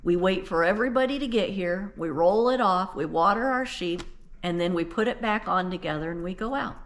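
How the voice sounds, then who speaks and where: A woman's voice: on the low side, brisk, lightly acted. A woman voicing a group of easygoing male shepherds chatting by a well.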